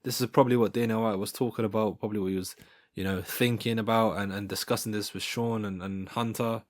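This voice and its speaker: A man hosting his own fight-sports video, giving casual fan commentary in an excitable, rambling way full of restarts. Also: fairly low pitch, fast talker. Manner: excitable and rambling, with many restarts and repeated "guys". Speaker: MMA video host.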